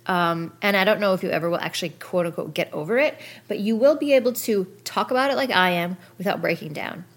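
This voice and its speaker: A woman's voice: lowish voice, fast talker. A woman hosting a podcast, speaking frankly in a casual monologue that addresses her listeners directly. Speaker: podcast host. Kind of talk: candid personal podcast monologue.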